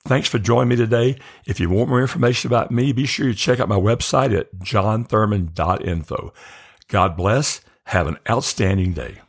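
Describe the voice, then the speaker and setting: Deep gravelly man, calm podcast host. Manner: slow, calm, repeating phrases meditatively. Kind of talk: guided breathing prayer and podcast talk.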